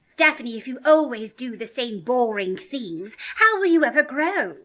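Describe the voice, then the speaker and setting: A prim, formal teenage goth girl, as a woman puts her on speaks in a high voice. Her pitch leaps about with lively swoops. It is played as a comedy sketch. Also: moderate pace.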